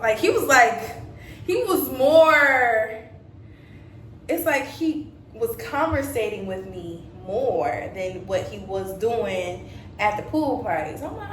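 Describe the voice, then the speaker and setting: A woman's voice: a little high, expressive, a little slow, a bit bright, reverberant, far from the mic, a little hiss or hum. Chatty young woman telling a dating story. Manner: chatty, laughs often, acts out quoted dialogue. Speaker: storytime vlogger. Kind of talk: casual storytime chat.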